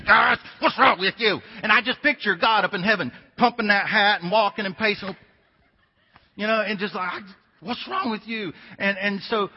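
A man in his fifties delivers a sermon in a husky voice that sits high for a man. He tells stories like a conversation and drives his points home by repeating them. The sound is dull and muffled, with a long echo from a large hall. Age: 50s. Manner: conversational storytelling with emphatic repetition. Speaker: pastor.

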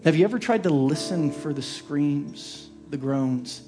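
A man preaching a sermon as pastor, telling a personal story in an earnest way that sinks into a hushed, soft voice at tender moments. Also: a little high, expressive, a little slow, music in the background.

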